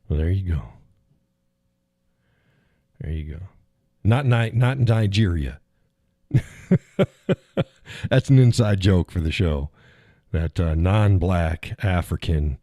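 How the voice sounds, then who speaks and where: Man host, very low and mellow voice, rambling casual livestream chat with frequent chuckles. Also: dry recording, clean studio sound. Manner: rambling, chuckles often, answers chat viewers. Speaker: live stream host.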